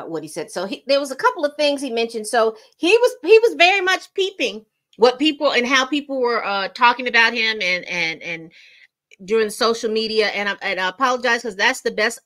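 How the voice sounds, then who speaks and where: A woman's voice: mid-range voice, fairly bright tone. A woman hosting a casual commentary video, chatty and repeating herself as she talks her viewers through a story. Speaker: commentary channel host.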